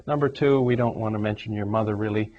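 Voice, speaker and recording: A man teaching English grammar, explaining examples step by step in a steady classroom manner. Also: fairly low pitch, fast. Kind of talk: grammar lesson. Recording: dull lo-fi recording.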